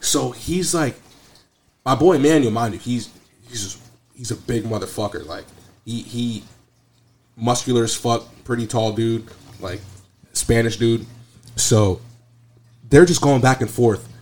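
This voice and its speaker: A young man casually telling an animated, slangy story full of profanity. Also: mid-range voice, measured pace, long pauses. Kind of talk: casual chat.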